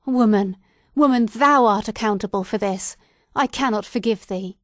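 A guilt-stricken clergyman speaks low and bitter, voiced by a woman reader. His lines come out murmured and broken, recorded close and dry. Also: normal speed, fairly bright tone, no echo, close to an everyday voice.

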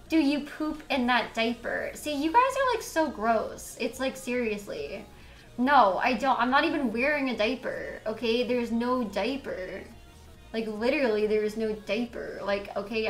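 A woman's voice: fairly high pitch, fairly bright tone. A young woman streaming live in casual chat, filler-heavy and exasperated, saying "like" constantly. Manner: exasperated, defensive. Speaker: livestreamer. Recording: roomy echo with faint music.

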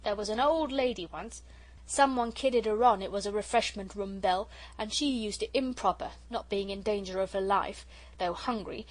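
A woman's voice: medium pitch, normal speed, lightly acted, low-quality recording. A woman reading an audiobook, voicing a chatty working-class railway porter who talks in a homely way. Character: gruff kindly middle-aged railway porter.

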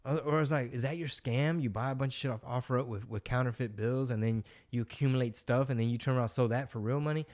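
A man's voice: medium pitch, fast talker, hardly any pauses, a little mellow. Slangy podcast host in his forties. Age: 40s. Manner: loose storytelling, slangy, swears freely. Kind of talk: casual podcast chat.

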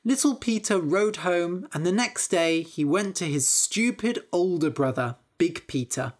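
A woman narrating a fairytale slowly and clearly for English learners. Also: on the low side. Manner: slow and expressive. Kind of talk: slow, clear storybook narration.

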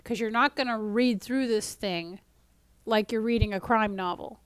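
Speaking at normal speed, this woman has a slightly high, smooth voice recorded without echo as she teaches spiritual ideas casually to camera. Her delivery is chatty, with many fillers and restarts and the occasional near-whisper for emphasis. She slips into a mock-exasperated tone to play a frustrated reader.

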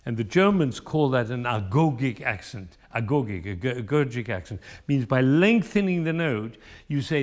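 A man's voice: mid-range voice, expressive, normal speed. A man coaching a cellist in a masterclass, singing phrases aloud to demonstrate and pressing for expression. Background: cello playing.

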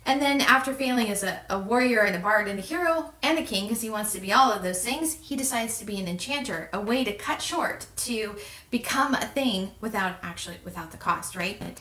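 A woman's voice: medium pitch, expressive, a little fast, bright, forceful tone. A woman reviewing a fantasy novel in a casual, conversational way, in a roomy, distant recording. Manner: conversational, with fillers and restarts. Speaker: book reviewer. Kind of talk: casual book commentary with read-aloud passages. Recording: roomy echo, distant mic.

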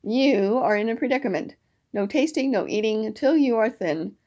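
A woman's voice: medium pitch, moderate pace, gravelly, darkish tone. A woman voicing a fussy, bossy male rabbit who speaks grandly, reading a children's storybook aloud. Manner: grand and commanding.

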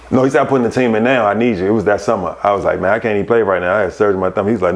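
A man, a podcast guest, telling casual stories, animated and laughing as he acts out other people's voices. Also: fairly low pitch, rapid-fire, hardly any pauses. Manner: animated, laughs through his anecdotes. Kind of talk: casual storytelling.

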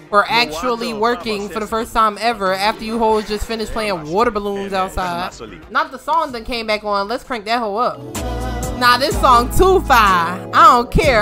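A gaming streamer, a woman with a medium-pitched voice, gives casual let's-play commentary. She's animated and joking, swears freely, and scolds the characters on screen.

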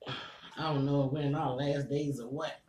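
A man's voice: mid-range voice, flat delivery, moderate pace, darkish tone, echoey room, a little hiss or hum. A man with a stuffy nose chatting casually to viewers while he eats at home, breathing a little hard between bites. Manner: chatty, eating between sentences, addresses viewers as y'all. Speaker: food vlogger. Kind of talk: casual eating vlog chat.

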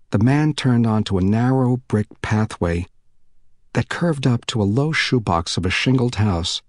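An audiobook narrator reads a novel from a script in a measured, deliberate way. His voice is lowish, a little mellow and slightly rough, captured in a dry, clean studio recording.

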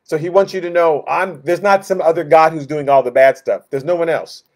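A man teaching a midweek Bible study with a slightly high voice. He talks in an animated, conversational way, repeats his openings and throws in rhetorical questions as he explains scripture. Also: fairly quick.

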